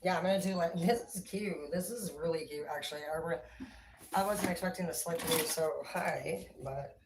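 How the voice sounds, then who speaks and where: A woman with a lowish voice chats loosely on a livestream, swearing freely and padding her talk with filler words. She sits some distance from the mic in an echoey room, with faint noise underneath. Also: moderate pace. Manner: rambling, profane, filler-heavy talk. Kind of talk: casual livestream chat.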